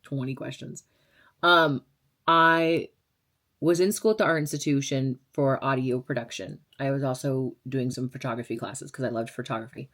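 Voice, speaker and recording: A woman in her twenties from Las Vegas, a radio DJ chatting casually as she answers viewer questions, blunt and sarcastic with fillers and laughs. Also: a bass voice. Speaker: radio DJ and vlogger.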